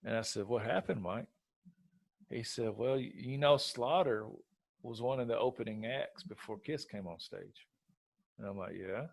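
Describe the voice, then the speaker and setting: A man's voice: mid-range voice, normal speed, vocal fry, no echo. A man hosting a podcast, telling a story in a casual chat and acting out the quotes. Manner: animated storyteller, acts out quotes. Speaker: podcast host.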